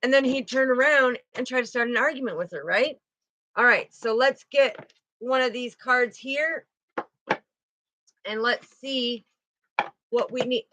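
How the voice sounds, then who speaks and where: Chatty woman tarot reader, higher voice. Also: a little slow, long pauses, pushed and bright, a little hiss or hum. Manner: chatty, with frequent "you know" and "okay". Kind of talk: casual spiritual card reading.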